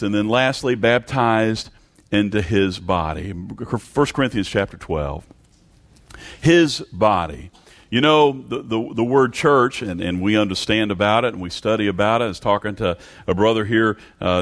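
A man preaching a sermon, reading scripture aloud and repeating words as he searches for his phrasing. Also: on the low side. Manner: preaching with rising emphatic bursts and scripture readings. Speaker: pastor.

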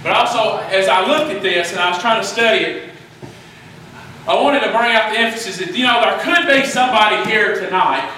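A middle-aged man, preaching a fervent sermon that climbs into shouting, often repeating words as he restarts. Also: sits high, a little fast. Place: church. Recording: echoey room from a distance, faint noise.

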